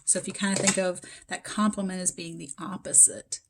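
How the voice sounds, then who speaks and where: Female math instructor, slightly hoarse, easygoing explanatory lecture delivery with fillers. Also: lowish voice, steady tone, fairly quick, noisy background. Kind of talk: recorded lecture.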